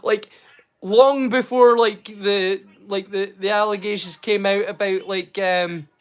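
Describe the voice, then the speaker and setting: Man with a high voice, livestream host; chatty, excitable, stop-start delivery with a hidden stammer. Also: slow pace, clear, resonant tone. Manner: hesitant, many fillers and restarts; mild stammer he keeps hidden. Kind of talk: casual livestream chat.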